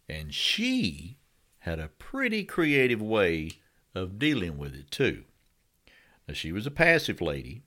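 Male podcast co-host, animated intonation, wry drawn-out delivery. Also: fairly low pitch. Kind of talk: casual chat and storytelling.

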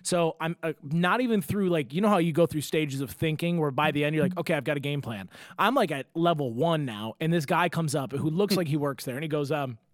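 Animated young man telling a story. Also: fairly high pitch, brisk, no room sound, clean studio sound. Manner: animated storyteller, swears freely, acts out other people's lines. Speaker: podcast host. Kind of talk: casual chat.

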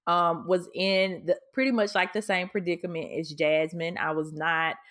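A woman with a somewhat low voice co-hosts a casual podcast chat. She talks openly and with feeling, often stopping and restarting her sentences. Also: fairly even intonation, moderate pace, a bit bright. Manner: candid, emotional, with many restarts. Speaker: podcast co-host.

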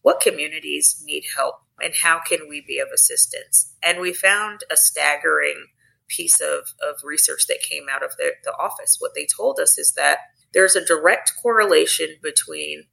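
A woman guest on an interview, telling a story in an earnest, measured way. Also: low voice, lively intonation, gravelly, pushed and bright, poor audio. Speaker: guest, sports team executive.

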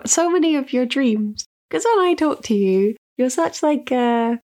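A woman's voice: high-pitched, animated, a little slow, darkish tone. A woman co-hosting a podcast in casual chat, teasing and laughing easily. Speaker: podcast co-host.

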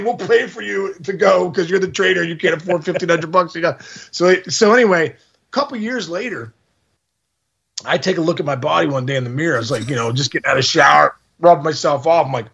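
A man in his forties hosting a podcast, telling a story in casual chat, excitable and exaggerating, laughing at his own tale. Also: high-pitched, vocal fry, slightly rough, muffled recording. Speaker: podcast host.

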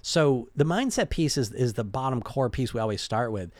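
A man's voice: mid-range voice, animated, moderate pace, darkish tone, dry recording. A man giving a casual motivational talk as a weight-loss coach, conversational, restarting and repeating words as he goes. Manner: conversational, keeps asking "right?" and "you know?".

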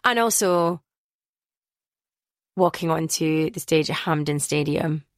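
A Scottish woman from Glasgow, a DJ guest in a casual interview, telling stories in an animated way and acting out the voices she quotes. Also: low voice, slow pace, no echo, studio quality. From Glasgow, Scotland. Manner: animated storyteller who acts out quoted voices.

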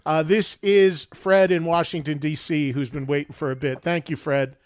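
A man hosting a podcast in a studio, briskly moving the talk along and prompting his guest with questions. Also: on the high side, fairly even intonation, dry recording. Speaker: podcast host. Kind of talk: casual interview chat.

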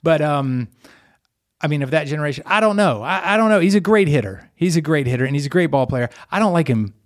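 A middle-aged man co-hosts a sports podcast, rambling through his opinions with restarts and hedges. His voice sits a little high and moves a lot. The sound is dry and close. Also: animated, fast talker, no room sound. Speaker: podcast co-host. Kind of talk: casual sports chat.

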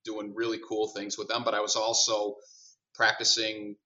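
A middle-aged executive on a podcast, talking through his career with lively storytelling. He plays out both sides of each conversation. His voice is bright and forceful, recorded a little off the mic with a dull, muffled sound. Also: lowish voice, normal speed, recorded from a distance. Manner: animated storyteller, acts out dialogue. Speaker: guest, company CEO.

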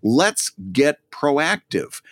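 A man's voice: fairly high pitch, very animated, drawn-out words, a bit bright, no echo. Rambling, laughing man on a podcast. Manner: rambling, self-deprecating, laughs often. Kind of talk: casual podcast chat.

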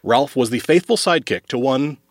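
Wry, animated man co-hosting a podcast. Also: medium pitch, fairly quick, noisy background. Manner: wry, comic delivery with sudden jumps. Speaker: podcast co-host. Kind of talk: casual chat.

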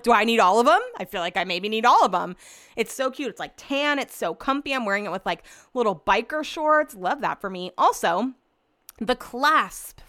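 With a slightly high, bright voice that comes across clear and resonant, a young podcast host gushes through a casual solo chat. She is bubbly and leans heavily on "like" and "um."

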